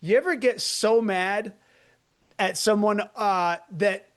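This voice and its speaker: Animated, high-voiced male podcast co-host. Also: slow pace, clean tone. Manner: animated, laughs through his stories. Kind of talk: comedic storytelling chat.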